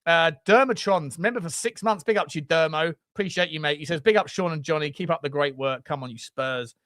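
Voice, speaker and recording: A man co-hosts a relaxed football chat show. He sounds high and bright, laughs often and keeps up a friendly patter of viewer shout-outs, recorded close and dry. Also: brisk, no room sound. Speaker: co-host. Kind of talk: casual football podcast chat.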